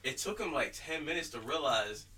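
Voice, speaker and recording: A man chatting on a casual podcast, telling stories with big swings in pitch and a very bright, forceful tone. He laughs a lot and acts out quotes. His voice sits a little back from the mic. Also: moderate pace, recorded from a distance, poor audio. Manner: animated storyteller, laughs often, acts out quotes. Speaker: podcast co-host. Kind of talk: casual chat.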